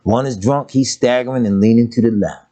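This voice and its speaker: An older man preaching a folksy, humorous sermon, telling stories and swinging from low murmurs to high exclamations. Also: brisk, warm tone. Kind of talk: sermon with storytelling.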